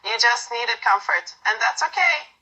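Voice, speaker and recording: A woman voicing a fond, teasing young woman who gently comforts a friend. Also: on the high side, animated, a little slow, slightly rough, exaggerated voice, low-quality recording. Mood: gentle, reassuring.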